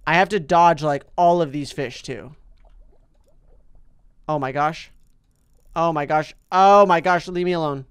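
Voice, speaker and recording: A man hosting a mobile game commentary, chatty and excitable, talking to the on-screen fish and jumping up in pitch and loudness when something goes wrong. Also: normal speed, clean tone. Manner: big jumps in pitch and loudness when upset. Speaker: gaming channel host.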